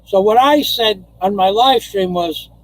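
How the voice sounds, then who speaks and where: A man's voice: high voice, unhurried, no echo, poor audio. An older man from New York rambling through a casual live stream, repeating phrases and chuckling as he goes.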